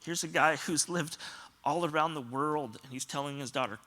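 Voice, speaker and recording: A man's voice: on the high side, moderate pace, pushed and bright. A man pastor giving a sermon, telling stories earnestly and often quoting other people. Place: church auditorium.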